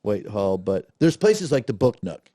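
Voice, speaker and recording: A lowish voice at normal speed belongs to a middle-aged man, a festival director taking part in a relaxed interview. He tells stories with energy, acting out quoted voices. There's no room sound, just clean studio audio.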